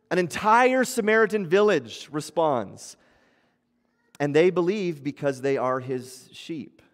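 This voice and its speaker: Youngish pastor guy preaching casual-like, slightly high voice, big echoey church hall. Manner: conversational preaching with acted-out quotes. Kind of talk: sermon. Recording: long church hall reverb.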